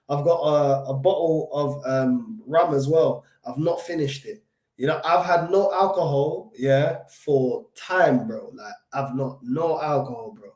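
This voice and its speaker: A London man hosting a football fan channel, chatting casually with his live chat, slangy and animated, still short of breath from covid. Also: a little high, roomy sound.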